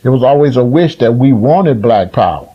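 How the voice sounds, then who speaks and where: A man's voice: medium pitch, lively intonation, moderate pace, muffled recording. A man, a community elder delivering a blunt, profane, lecturing rant full of repeated rhetorical questions. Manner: repetitive rhetorical questions, rising to near-shouts. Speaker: community elder speaking on a livestream. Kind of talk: impassioned preaching rant.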